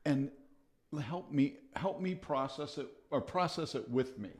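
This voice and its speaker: An older man, a podcast guest, talking reflectively and haltingly, often repeating words as he starts a sentence. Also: a little high, animated, a little mellow. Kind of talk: reflective conversational talk.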